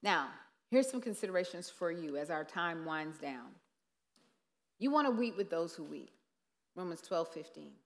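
A woman's voice: fairly low pitch, expressive, moderate pace, pauses often. A woman minister giving earnest, conversational sermon-style teaching with rhetorical asides, in a large hall or church. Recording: long reverb of a large hall.

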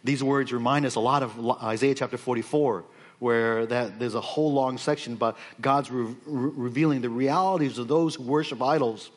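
A man's voice: medium pitch, steady tone, normal speed. A man preaching on scripture, reading verses aloud and explaining them off the cuff with frequent fillers and restarts. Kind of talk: expository sermon.

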